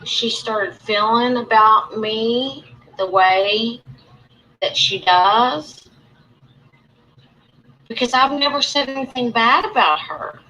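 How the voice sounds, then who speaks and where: Hosting a casual livestream, a woman speaks slowly and pauses often in a fairly high, sharp voice, airing grievances and greeting viewers in chat by name. Her talk rambles, with repeats and restarts, and the recording quality is low.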